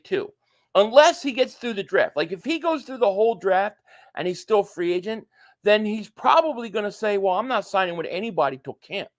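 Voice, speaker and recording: High-voiced man hosting a live stream. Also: no room sound, studio quality. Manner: chatty, reads out viewer comments. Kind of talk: casual live stream chat.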